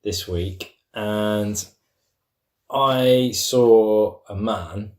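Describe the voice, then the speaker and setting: A man slowly telling a story in casual podcast chat. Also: on the low side, darkish tone, roomy sound, distant mic. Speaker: podcast co-host.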